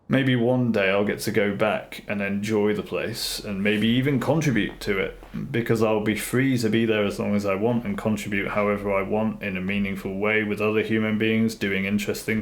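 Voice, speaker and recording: A man streaming live who talks casually and earnestly, rambling and repeating himself as he works through his ideas. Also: on the low side. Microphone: streaming mic, face off camera.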